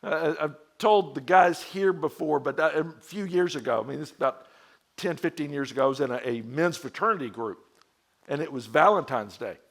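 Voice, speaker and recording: Middle-aged guy pastor, preaching to men like he's just chatting, slightly high voice, tells stories and acts out the quotes. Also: brisk. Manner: conversational storytelling with acted quotes; animated, shifting pitch and loudness. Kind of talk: sermon to a men's group.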